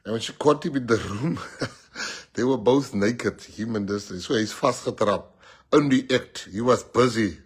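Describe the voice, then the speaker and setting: A man's voice: fairly low pitch, unhurried, breathy edge. A man with a South African accent giving a rousing, joking political speech and switching languages.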